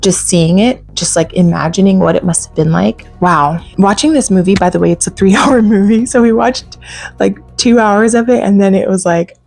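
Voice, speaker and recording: A woman hosting a casual solo podcast, chatty and animated, laughing often and saying "like" a lot. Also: medium pitch, normal speed, gravelly, faint music behind. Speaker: podcast host. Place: home.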